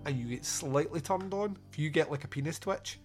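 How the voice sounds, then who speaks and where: A man's voice: on the high side, soft background music. A man hosting a podcast, reviewing a movie in casual, sarcastic chat with frequent laughs. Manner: laughing, sarcastic, quick asides. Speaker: podcast host.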